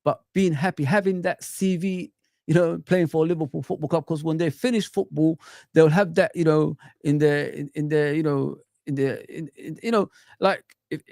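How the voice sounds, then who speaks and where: Fairly high in pitch with vocal fry and a hint of mellowness, this middle-aged man speaks at normal speed with fairly even intonation. He's hosting a live football stream, casually ranting with rhetorical questions aimed straight at viewers and chat. Dry, studio-quality recording.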